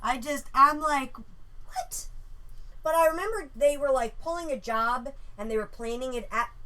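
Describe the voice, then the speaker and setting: Animated, bright-voiced woman telling a story. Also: sits high, normal speed. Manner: animated, swears freely. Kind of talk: casual storytelling.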